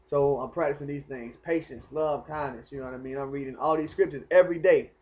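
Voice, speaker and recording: A man telling a rambling personal story in casual, animated talk. He speaks straight to the viewer and keeps asking whether they follow. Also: medium pitch, quick pace, highs cut off. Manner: animated, talks straight to the viewer, keeps asking "you know what I mean". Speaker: vlogger telling his story.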